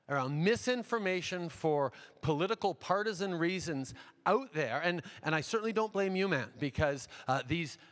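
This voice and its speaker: A man, a politician, answering audience questions at a town hall in a measured way, repeating phrases and using frequent fillers. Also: on the high side, fairly bright tone. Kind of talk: unscripted public Q&A answers. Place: large university hall. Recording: long echo of a big hall.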